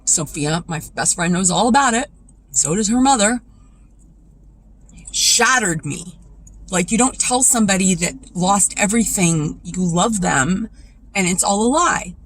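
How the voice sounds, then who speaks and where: A woman's voice: lively intonation, measured pace, fairly bright tone, low-quality recording. Raw, confessional woman vlogger. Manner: raw and confessional, voice dropping low when upset. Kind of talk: emotional personal monologue.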